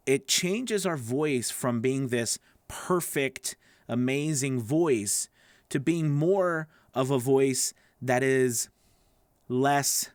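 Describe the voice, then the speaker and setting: A voice acting coach talks straight to his students, his slightly nasal, gravelly voice rising and falling a lot as he rambles and restarts. He keeps checking in with them as he goes. The sound is close and dry, with no room in it. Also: medium pitch, dry recording. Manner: loose, rambling, with restarts and checks like "okay? right?". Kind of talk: casual teaching to camera.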